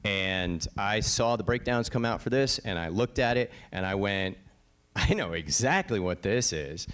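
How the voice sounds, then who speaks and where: A man's voice: fairly low pitch, expressive, measured pace, a bit bright, smooth. A man from Connecticut, a voice actor on a panel, telling stories in a blunt, emphatic way, swearing now and then and often asking "right?". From Connecticut, USA. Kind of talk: casual panel storytelling.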